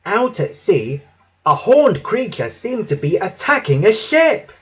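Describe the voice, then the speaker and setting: A man narrating a children's storybook with an expressive, dramatic reading. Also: sits high, unhurried, breathy edge.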